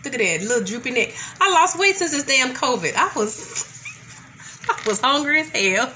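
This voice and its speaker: A woman with a high, bright voice chats unhurried with her live viewers while she gets her juicing ready in her kitchen. A little congestion sits in her voice, and she laughs easily and swears a bit, keeping it candid. Faint household sounds stay in the background. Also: animated, a little hiss or hum. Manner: laughs often, loose and candid with mild profanity. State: mildly congested. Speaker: vlog host greeting live viewers. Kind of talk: casual live chat while cooking.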